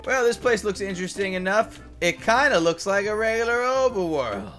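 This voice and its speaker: A woman's voice: medium pitch, sing-song, moderate pace, hardly any pauses, a bit bright, soft background music. A woman giving sarcastic, exasperated commentary on her Minecraft game and complaining to her partner. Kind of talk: scripted gameplay commentary with a partner.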